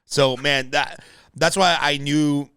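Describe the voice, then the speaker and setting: A man hosting a podcast and chatting casually with a guest, open about his affection and quick to laugh. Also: on the high side, steady tone, bright, forceful tone, clean tone, no echo, clean studio sound. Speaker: podcast host. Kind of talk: casual conversation.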